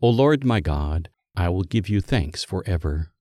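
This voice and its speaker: A man giving a scripted liturgical Bible reading in a measured, solemn manner that lifts for quoted speech. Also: low-pitched, expressive, mellow, no echo, studio quality. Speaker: scripture reader.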